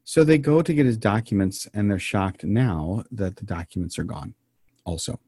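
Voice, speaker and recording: A lower-pitched man talks in a dry, close-miked sound as he co-hosts a podcast. He tells a strange story in a loose, meandering way, full of ums and deadpan jokes. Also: normal speed, breathy edge, no echo. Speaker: podcast co-host telling the story. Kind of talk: casual banter and storytelling.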